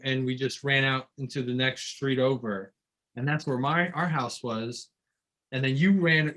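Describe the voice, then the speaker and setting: A man chatting with a friend, chiming into a shared story with excited asides and laughter. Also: mid-range voice. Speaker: podcast co-host. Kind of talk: casual chat.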